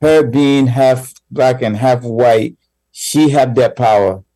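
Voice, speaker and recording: A man co-hosts a radio talk show. His voice is mellow and relaxed, heard dry with no room around it. He speaks in a halting way, pausing on fillers as he works through his thoughts. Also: mid-range voice, no echo, low-quality recording. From Ghana. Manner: halting, full of "you know" fillers. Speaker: radio co-host.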